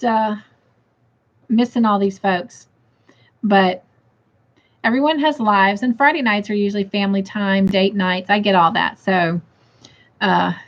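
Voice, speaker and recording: A woman hosting a casual livestream, chatting and reading viewer comments aloud while in pain and tired. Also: medium pitch. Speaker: crochet livestream host. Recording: dull lo-fi stream audio.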